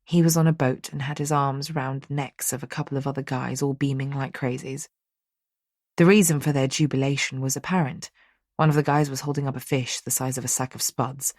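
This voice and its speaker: Female audiobook narrator, measured storytelling, low-pitched, husky. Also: fairly even intonation, darkish tone, dry recording, clean studio sound. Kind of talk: scripted narration.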